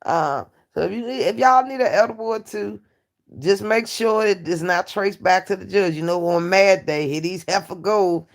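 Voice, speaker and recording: A woman hosting a live stream, chatting casually with her viewers in a brassy, joking way, laughing often and dropping from loud outbursts to low asides. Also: normal speed. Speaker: livestream host. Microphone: phone or computer mic on a livestream.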